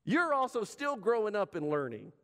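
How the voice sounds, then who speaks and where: A man preaching a sermon as pastor, talking in a conversational way with emphatic pauses. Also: high voice, wildly swooping pitch, a bit bright, in a large hall.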